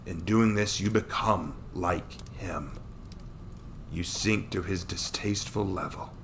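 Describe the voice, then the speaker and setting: A man voicing a calm, stern, weary wandering man who speaks softly and measuredly, sometimes in a whisper, in a read-aloud fantasy story. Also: sits low, creaky, background noise, full character voice. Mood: gentle. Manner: soft, measured, often whispered.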